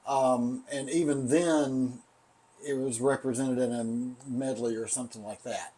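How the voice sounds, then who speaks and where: A man's voice: mid-range voice, steady tone, measured pace, mellow. A man with a Southern accent, co-hosting a casual tasting chat and telling rambling stories with frequent laughter. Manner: rambling storyteller, laughs often. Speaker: podcast co-host.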